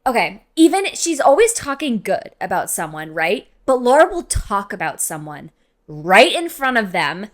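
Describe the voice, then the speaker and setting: A woman's voice: mid-range voice, normal speed. Rambling young woman, chatty podcast guest. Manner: animated, rambling, fills with "like". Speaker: podcast guest, host's best friend. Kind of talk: casual chat. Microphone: podcast mic.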